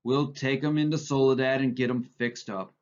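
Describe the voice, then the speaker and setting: A man as a calm ranch leader giving firm instructions, close to the reader's own voice. The recording sounds slightly muffled. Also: mid-range voice, moderate pace, lightly acted. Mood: steady firm.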